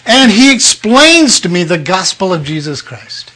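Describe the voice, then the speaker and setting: An older man preaching a personal testimony, telling his story with emotion and sudden swings between loud outbursts and hushed moments. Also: very high-pitched, sing-song, unhurried, creaky. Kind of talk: sermon testimony.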